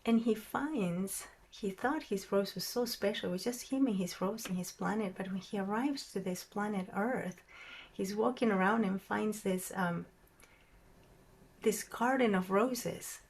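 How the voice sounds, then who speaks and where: A woman teaching a meditation class, who talks in a soft, musing way and often drops to a near whisper. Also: medium pitch, unhurried, husky. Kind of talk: reflective class talk.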